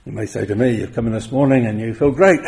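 A man preaching a sermon, with emphatic stresses that rise loud and then drop quiet. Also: mid-range voice, fairly quick.

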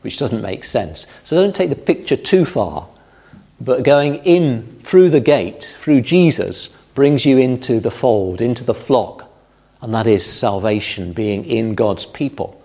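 A man preaching a Bible-teaching sermon in a calm, explanatory way, stressing key phrases. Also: medium pitch, measured pace.

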